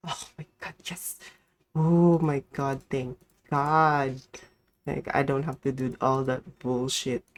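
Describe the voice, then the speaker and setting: Slow and bass-voiced with little pitch movement, a young Filipino woman talks to herself during live gameplay. Swearing along the way, she squeals greetings whenever customers come in.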